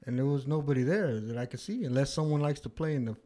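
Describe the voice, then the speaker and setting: A man in casual chat, telling a story with lots of swearing and high-pitched quoted voices. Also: quick pace, mellow.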